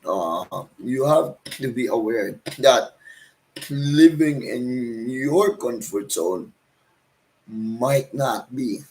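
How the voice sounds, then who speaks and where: In poor audio, a man with a Cebuano Filipino accent, a street vendor, walks viewers through his selling calls in a casual manner. He draws out his words in a medium-pitched, darkish voice and keeps tacking "right?" and "guys" onto his sentences.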